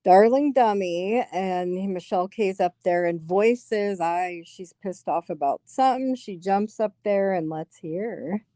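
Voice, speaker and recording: A woman's voice: medium pitch, measured pace, hardly any pauses, mellow, no room sound, studio quality. A woman vlogger giving casual, profane commentary on a clip, laughing often and talking straight to her viewers. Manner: giggly, swears freely, chatty asides to viewers. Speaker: vlogger reacting to a livestream clip.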